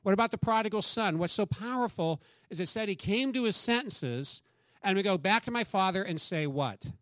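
Male pastor, higher register, conversational preaching style, dry sound. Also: lively intonation, moderate pace, fairly bright tone, no room sound. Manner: conversational preaching, acts out quoted dialogue. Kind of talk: sermon.

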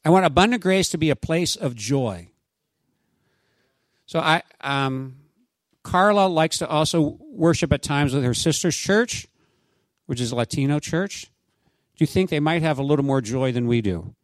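A man preaching a sermon as pastor, in a conversational, animated way with asides to his congregation. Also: fairly high pitch, moderate pace, pauses often, dry recording.

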